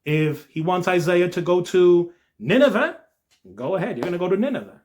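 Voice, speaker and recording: A young man with a slightly higher voice talks earnestly through a devotional message. His pitch lifts when he makes a point, and he checks in with little asides as he goes. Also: normal speed. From New Jersey. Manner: earnest, lively rises in pitch, frequent "all right?" asides. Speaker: Christian video creator. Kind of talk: devotional talk to camera.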